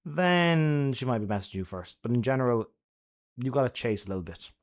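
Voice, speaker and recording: A man's voice: medium pitch, animated, brisk. A man giving friendly advice to his chat on a casual live stream, laughing often and swearing freely.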